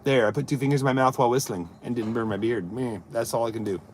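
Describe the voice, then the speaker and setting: A man's voice: medium pitch, steady tone, quick pace, very noisy. Rambling jokey man on a live stream. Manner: jokey, rambling storyteller who chats to viewers. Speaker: live streamer and amateur stand-up comic.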